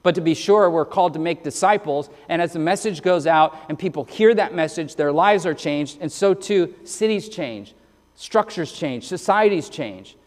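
A man's voice: fairly high pitch, animated, normal speed, in a large hall. A man preaching a sermon as pastor, earnest and emphatic, rattling off verse references and often repeating his first words. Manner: repeats words when starting sentences.

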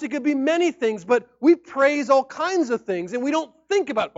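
A man preaching a sermon in an animated, conversational way, sometimes acting out people's reactions. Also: extremely high pitch, moderate pace, hardly any pauses, dry recording. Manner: animated, acts out shouting fans and mock-formal speech. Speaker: pastor. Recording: dry, dull lo-fi sound.

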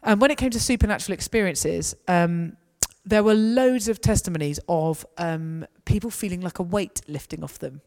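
A woman's voice: lowish voice, moderate pace, hardly any pauses, darkish tone. A woman giving a conversational, anecdotal talk to a gathering. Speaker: speaker. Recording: reverberant hall.

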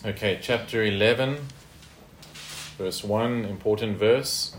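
A man's voice: fairly low pitch, slow, roomy sound, a little hiss or hum. A man teaching a Bible study in a conversational way, with fillers and tag questions.

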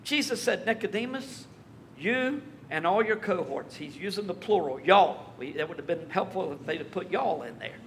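High-voiced preacher, wry and lively. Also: male voice, normal speed, slight background noise. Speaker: pastor. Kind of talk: expository sermon.

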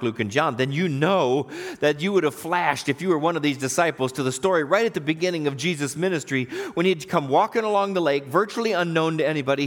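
A man pastor preaching a sermon, telling a story with animation and acting out the voices in it. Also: a little high.

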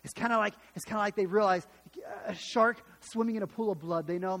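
High-voiced man preaching in an echoing hall. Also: a little fast. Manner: emphatic, retelling scripture in dramatic voices with many restarts. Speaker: pastor. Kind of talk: sermon.

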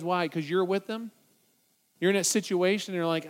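Male preacher, high voice, emphatic sermon delivery with rising urgency. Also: steady tone, a little fast. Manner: emphatic, builds to loud urgent repetitions.

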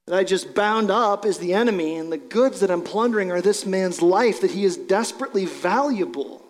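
A male pastor with a high voice preaches in a conversational, explanatory way. His voice carries a long reverb, as in a large church hall. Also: expressive, fairly quick, hardly any pauses. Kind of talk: sermon.

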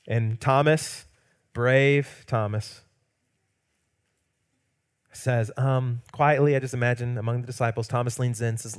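A pastor preaching a sermon, swinging between loud emphatic peaks and hushed quiet lines, sometimes acting out quoted lines playfully. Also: male voice, medium pitch, moderate pace, long pauses.

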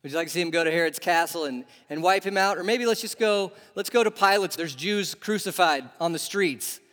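A man delivers a sermon with a fairly high voice that rings through the long echo of a big hall. He keeps turning to his listeners with questions, in an animated, conversational way. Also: fairly quick. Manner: animated, asks the audience questions. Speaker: preacher. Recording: long reverb of a large hall.

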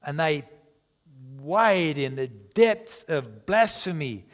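A man preaching a sermon, reading scripture aloud with dramatic, deliberate pacing and slowing down for emphasis. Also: mid-range voice, expressive, big-room sound.

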